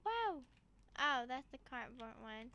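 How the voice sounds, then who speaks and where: Woman, gameplay walkthrough, excitable, playfully dramatic, sharp bright tone, dry close sound. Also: high voice, slow, dry recording, highs cut off. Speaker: gaming channel host.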